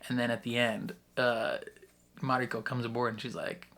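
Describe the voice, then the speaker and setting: A man hosting a casual reaction video, rambling excitedly with frequent laughs and restarts. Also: medium pitch, moderate pace. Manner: excitable, laughs often between thoughts; rambling with many restarts and fillers. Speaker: YouTube reaction host.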